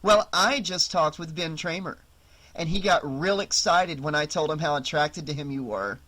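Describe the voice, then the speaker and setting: A narrator voicing a brash, teasing teenage girl who talks loud and crude. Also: mid-range voice, normal speed, close to an everyday voice. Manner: loud, brassy and mocking.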